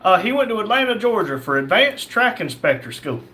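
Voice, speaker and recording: A man hosting a live stream, reading viewers' chat messages aloud and answering them in a relaxed, chatty way. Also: sits high, fairly quick. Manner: reads chat names aloud, chatty and easygoing. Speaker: livestream host reading chat.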